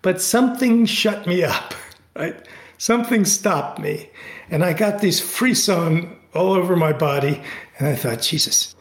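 A middle-aged man telling a story in a casual interview over a video call, animated and full of restarts, his voice jumping high when excited. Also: a little slow, roomy sound. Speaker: guest, author and Tai Chi teacher.

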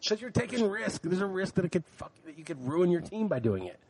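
A man's voice: high voice, fast, poor audio. A man co-hosting a podcast, ranting in casual chat with frequent swearing. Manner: animated, profane ranting. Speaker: podcast co-host.

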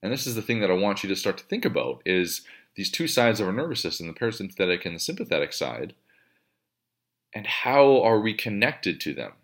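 A man with a low-pitched voice explains training concepts as a coach. His talk is casual and conversational. He swears freely and slips into quoted self-talk to illustrate his point. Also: big pitch swings, brisk. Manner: conversational, profane, acts out inner thoughts.

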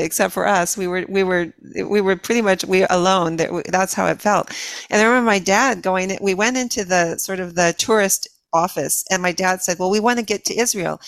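Older woman, halting, dry close sound. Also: lowish voice, no echo. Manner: halting, many restarts and repeated words. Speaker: guest. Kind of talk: reflective interview conversation.

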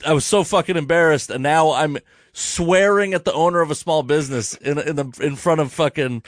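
A man hosting a casual podcast chat, telling a story in an animated, profane way. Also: a little high, a little fast, dry recording, clean studio sound. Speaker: podcast host.

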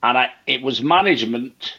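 A man's voice: mid-range voice, moderate pace, breathy edge, no echo, highs cut off. An older man, telling a story as a guest in a casual chat and repeating himself for emphasis. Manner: animated anecdote teller, repeats himself for emphasis, acts out quotes. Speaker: guest comedian.

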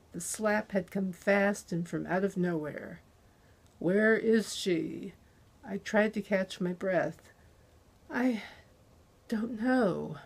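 A woman narrating a thriller audiobook in the first person, with a tense, unhurried delivery. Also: lowish voice, vocal fry.

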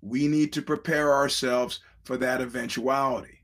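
A man's voice: mid-range voice, steady tone, moderate pace, a bit bright. A man hosting a podcast, telling a story in a rambling, casual monologue and acting out the quoted voices. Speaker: podcast host.

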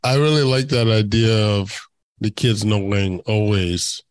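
A man hosting a casual conversation, speaking in a halting, reflective way. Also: fairly low pitch, clean tone, no room sound.

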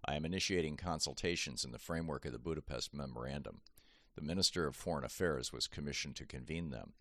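A man, a commentator, reading his own political essay aloud in a measured, emphatic way with pointed asides. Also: very deep voice, sharp tone, no echo, clean studio sound.

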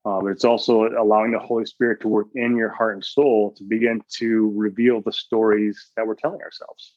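A man's voice: lowish voice, flat delivery, fairly quick, a little mellow, no echo. Earnest man telling a story, muffled mic. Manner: earnest storytelling, quoting his own thoughts, frequent restarts. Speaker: guest, sports chaplain. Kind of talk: podcast interview.

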